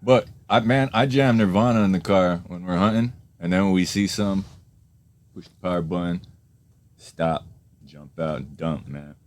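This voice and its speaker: A man's voice: sits low, moderate pace, darkish tone. A man in casual podcast chat, talking in slangy, profane banter.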